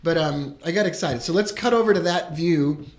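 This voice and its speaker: An enthusiastic man hosting a live stream. His voice sits a little high for a man, and he chats with excitement, greeting viewers as they join. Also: moderate pace. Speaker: host. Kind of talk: live broadcast chat.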